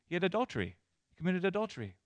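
A man pastor preaching a sermon in an animated way, moving between loud emphasis and soft asides. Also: high-pitched, racing, dry recording, muffled recording.

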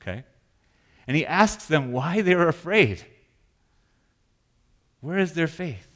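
A man preaching a sermon as pastor in a church, animated, acting out panicked voices. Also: on the high side, slow.

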